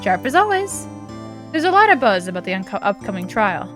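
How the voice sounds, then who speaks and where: A woman voicing a composed young woman lawyer who gently teases her younger sister, read aloud from a game. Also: medium pitch, sing-song, brisk, faint music behind, voice pushed down. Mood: calm teasing.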